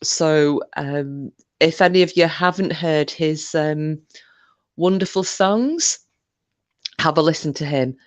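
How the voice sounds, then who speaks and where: A woman's voice: deep voice, takes it slowly, no echo. A woman hosting a livestream in casual chat, rambling and often breaking into giggles. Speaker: livestream host.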